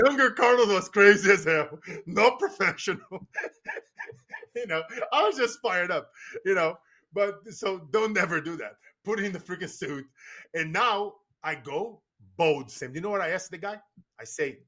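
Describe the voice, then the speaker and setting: A man from Brazil with a Brazilian accent, a podcast guest telling stories in an animated, emphatic way and often laughing. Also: on the high side, moderate pace. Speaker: podcast guest, business coach. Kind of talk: casual storytelling conversation.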